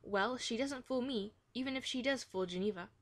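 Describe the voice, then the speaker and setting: A woman's voice: on the high side, moderate pace, dry recording, lightly acted. A woman voicing a stubborn, jealous young schoolgirl in a children's story read aloud. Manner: earnest and stubborn.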